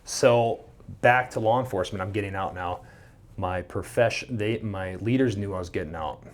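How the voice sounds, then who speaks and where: Animated storytelling man, low voice. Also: normal speed, a little hiss or hum. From Minnesota. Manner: animated, swears freely, acts out quoted dialogue. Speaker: podcast guest. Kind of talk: casual storytelling.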